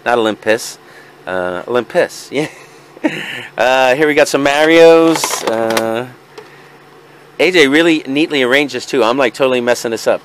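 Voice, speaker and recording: A man's voice: fairly high pitch, fairly bright tone, a little hiss or hum. A young man vlogging as a video game reseller, chuckling and rambling as he goes through a haul in casual banter. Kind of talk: casual vlog unboxing.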